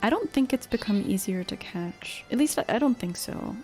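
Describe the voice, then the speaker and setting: A woman's voice: mid-range voice, lively intonation, moderate pace, darkish tone, soft background music. A woman streaming a game, chatting casually and playfully, often correcting herself mid-sentence.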